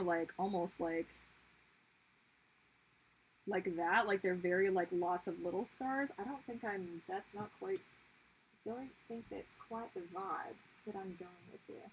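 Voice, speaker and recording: A young woman chats casually as she draws on a stream. Her pitch swings widely from line to line, and she keeps cutting herself off with bursts of surprise. A faint hiss sits under the voice. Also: rough recording. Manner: rambling, self-interrupting, exclamatory. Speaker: livestream host and artist. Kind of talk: casual chat while drawing.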